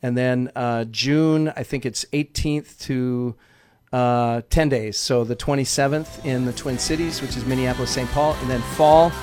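A man who is a guest on a radio show, telling a story in an animated way, acting out quotes and saying "like" often. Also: medium pitch, a little slow, faint music behind. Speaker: guest, ministry leader.

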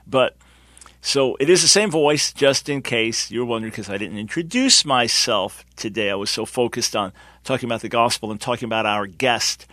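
A man's voice: medium pitch, moderate pace, bright, forceful tone, no echo. Earnest preacherly man in his sixties. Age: 60s. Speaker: radio host. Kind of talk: Christian talk radio monologue.

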